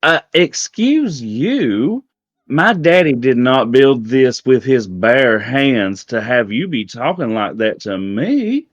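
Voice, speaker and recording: A man's voice: mid-range voice, very animated, slow pace, no echo, lo-fi sound. A man voicing a pampered, haughty queen with a Southern US accent. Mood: indignant. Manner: flustered, prim, indignant.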